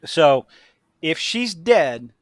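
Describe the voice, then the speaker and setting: A man's voice: a little high, very animated, extremely slow, dry recording, studio quality. A man co-hosting a casual podcast chat, crude and ranting, laughing easily. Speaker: podcast co-host.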